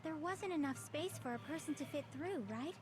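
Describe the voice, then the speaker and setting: An actress voicing a calm young female student in a dubbed game, methodically laying out a deduction. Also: high-pitched, normal speed. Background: game music.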